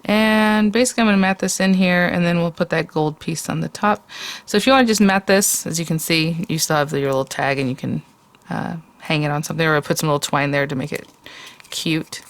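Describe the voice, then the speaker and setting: A woman's voice: sits low, steady tone, a little fast. A woman hosting a casual crafting tutorial, chatting and thinking aloud while she works with her hands.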